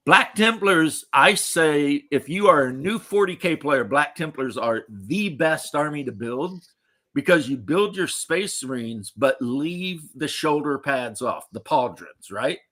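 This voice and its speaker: A man's voice: fairly high pitch, animated, unhurried, sharp tone. A man from the United States hosting a livestream, rambling casually with jokes and swearing. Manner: rambling, profane, joking. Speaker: livestream host. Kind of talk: casual chat.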